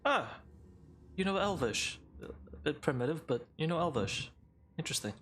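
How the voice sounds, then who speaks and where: Brief: aloof drow woman, measured and patronizing, played by a man. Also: on the high side, very animated, a bit bright, a little hiss or hum, voice pushed up. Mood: cool, condescending. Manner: measured, condescending. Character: cool, condescending drow woman.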